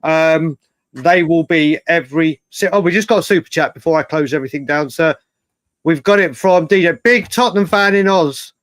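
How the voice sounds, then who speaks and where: A man co-hosting a podcast, telling stories in an animated, rambling casual chat with many restarts. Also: on the high side, normal speed, dry recording. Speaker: podcast co-host.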